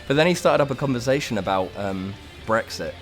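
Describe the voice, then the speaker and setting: A young British man from a rock band recounting a tour story. His speech is relaxed and chatty, and he swings widely in pitch. Laughter breaks in often, and faint music sits behind him. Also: fairly quick. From United Kingdom. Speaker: band member. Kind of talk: casual anecdote.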